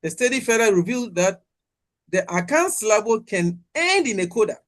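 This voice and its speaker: Hombre profesor de Ghana, explicación académica pausada. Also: male voice, sits high, sing-song. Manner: careful, deliberate explaining with repetitions and restarts. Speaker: linguistics lecturer. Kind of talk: academic conference lecture.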